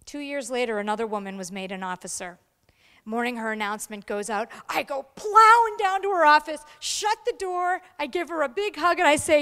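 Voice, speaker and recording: A woman's voice: high voice, lively intonation, normal speed, sharp tone, big-room sound. A middle-aged woman giving a storytelling speech to an audience, acting out the voices of the people she quotes. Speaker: keynote speaker. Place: large event hall.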